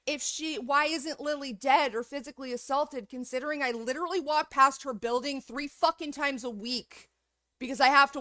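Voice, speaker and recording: A woman's voice: high voice, fairly bright tone, no room sound, clean studio sound. A woman streamer in a heated, profanity-filled rant, angry throughout. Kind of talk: livestream rant.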